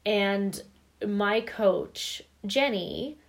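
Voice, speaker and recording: A woman co-hosting a podcast who talks candidly and emphatically. Her voice sits mid-range, and she swears casually now and then in relaxed chat. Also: medium pitch, very slow. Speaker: podcast co-host.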